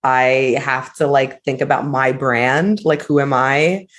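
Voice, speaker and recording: Deep-ish woman podcast host, gossipy, animated, says like constantly. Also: takes it slowly. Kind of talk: casual chat.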